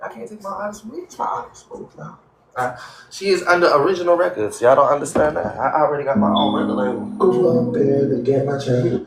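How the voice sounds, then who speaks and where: A man's voice: on the high side, brisk, roomy sound, recorded from a distance, a little hiss or hum. A man hosting a casual livestream radio show, talking loosely and rambling about his music. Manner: loose, rambling, talks over others.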